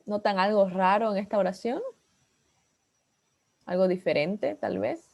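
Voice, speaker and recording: A woman's voice: medium pitch, moderate pace, vocal fry, a little mellow. Bilingual woman teaching an English class. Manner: explains in English, then repeats in Spanish.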